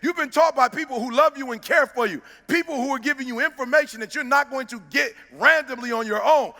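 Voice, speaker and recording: Brisk and preacher-like, a motivational speaker with a very high, sharp voice drives his points home, alternating shouted lines with stretched, sing-song ones. A big hall's long reverb surrounds his voice.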